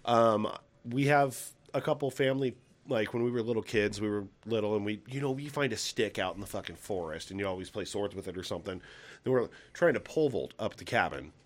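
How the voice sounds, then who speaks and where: A man's voice: lowish voice, brisk. A man co-hosting a podcast, telling rambling, profane family stories and laughing at them. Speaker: podcast co-host. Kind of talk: casual storytelling chat.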